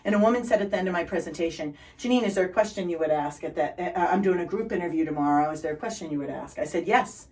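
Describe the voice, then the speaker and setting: A middle-aged woman from Boston with a Boston accent, telling upbeat stories as a guest in a conversation. She sounds energetic and relentlessly positive. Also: fairly low pitch, fast talker, few pauses, recorded from a distance, low-quality recording.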